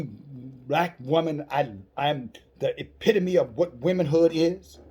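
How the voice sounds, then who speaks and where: A man's voice: medium pitch, warm tone, breathy edge. A man preaching in a confrontational, profane, slangy rant, scolding his listeners. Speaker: online preacher.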